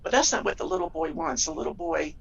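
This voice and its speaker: A woman's voice: deep voice, expressive, quick pace, gravelly, distant mic, lo-fi sound, slight background noise. A woman guest in an interview, speaking earnestly and telling stories, acting out the voices of the people in them. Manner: earnest, tells stories, acts out quoted voices. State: tearful. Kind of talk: interview conversation.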